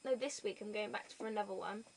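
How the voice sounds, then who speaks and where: A woman's voice: mid-range voice, fast talker, a little hiss or hum. A young British woman, pregnant, chatting casually in a home vlog, telling stories and acting out the people in them. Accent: British English. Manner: chatty storytelling, acts out quoted people. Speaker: vlogger. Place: bedroom floor at home. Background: gerbils rattling.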